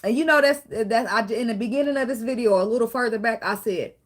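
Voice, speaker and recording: A woman's voice: a little high, quick pace. A woman giving a casual tarot reading, blunt and profane, talking straight to the viewer. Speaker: tarot reader.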